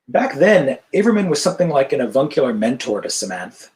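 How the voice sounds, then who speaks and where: A man's voice: medium pitch, very animated, fast, hardly any pauses, darkish tone, low-quality recording. Man reading his novel aloud. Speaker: author. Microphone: video call.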